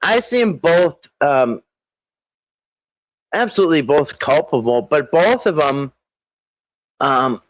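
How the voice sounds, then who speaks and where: A man hosting a casual live stream, rambling with halting restarts and frequent throat clearing. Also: medium pitch, no room sound, low-quality recording. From Minnesota.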